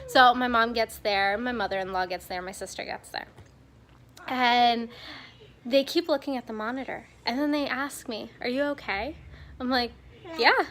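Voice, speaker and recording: A young woman vlogger telling a personal story in a casual, animated way, acting out what others said to her. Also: fairly high pitch. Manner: animated retelling, acting out quoted dialogue.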